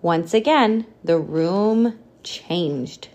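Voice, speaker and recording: A woman reading a picture book aloud in an expressive, animated storytelling manner. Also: fairly low pitch, drawn-out words. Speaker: storybook reader.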